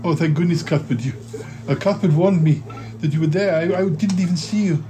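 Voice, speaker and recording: A man's voice: fairly high pitch, fairly quick, dark tone, close to an everyday voice. A man voicing Cromitty, a fussy, dithering inventor who keeps fretting aloud. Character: fretful inventor Cromitty, keeps saying oh dear.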